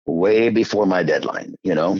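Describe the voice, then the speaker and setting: Deep, husky, lively-voiced man. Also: normal speed, no room sound, highs cut off. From Iowa, USA. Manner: animated, folksy, acts out quoted voices. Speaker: interview guest. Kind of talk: casual storytelling.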